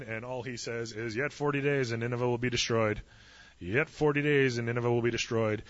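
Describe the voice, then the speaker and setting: A man's voice: medium pitch, bright, forceful tone, muffled recording. A man preaching a sermon, retelling a story with humorous asides and acting out the voices in it. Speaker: pastor.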